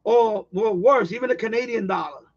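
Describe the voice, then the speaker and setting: A man hosting a radio hobby livestream, chatting casually with viewers in a rambling, excitable way with many restarts. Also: high-pitched, moderate pace, lo-fi sound. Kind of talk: casual livestream chat reading viewer comments.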